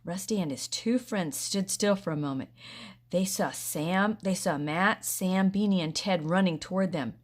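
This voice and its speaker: A woman narrating a children's storybook in a steady, expressive way. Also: fairly low pitch, unhurried. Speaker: audiobook reader.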